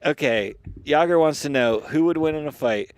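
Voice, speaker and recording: Sex: man. Role: podcast host. Style: casual comedic chat. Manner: excitable, profane, rambling. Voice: fairly high, dry close sound. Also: moderate pace, no echo.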